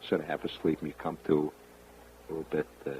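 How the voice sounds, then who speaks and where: A man's voice: rumbling low, monotone, quick pace, mellow, slight background noise, low-quality recording. A man hosting a radio show, spinning a rambling, wry monologue straight to the listener. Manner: rambling storyteller, confiding, wry. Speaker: radio host.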